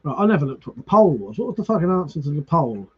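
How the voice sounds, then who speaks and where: A man's voice: on the high side, big pitch swings, quick pace, husky. Guy on a live stream chatting to viewers by name, swears a lot, muffled lo-fi audio. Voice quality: swears freely, restarts words. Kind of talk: casual live-stream chat reading comments.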